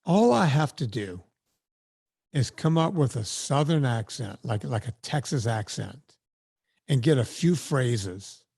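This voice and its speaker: A middle-aged man co-hosting a podcast in casual chat, animated and jokey. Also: measured pace, gravelly, breathy edge. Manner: animated, jokey, slips into a booming mock preacher voice. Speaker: podcast co-host.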